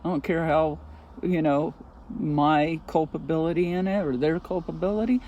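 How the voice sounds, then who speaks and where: A woman's voice: sits low, steady tone, normal speed, dark tone, slight background noise. A woman ranting into her own vlog, swearing constantly and sounding agitated, talking from inside a car. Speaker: vlogger. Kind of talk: casual vlog rant.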